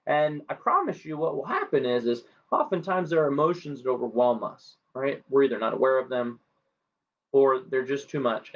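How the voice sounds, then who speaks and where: A man's voice: medium pitch, lo-fi sound. A man who works as a natural health doctor guides viewers through a tapping exercise on a live stream, talking casually and checking in with them often. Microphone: live-stream camera mic.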